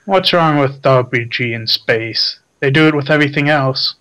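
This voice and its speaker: A man co-hosting a casual gaming chat, relaxed and trailing off with filler words. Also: medium pitch, normal speed, poor audio. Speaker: podcast co-host.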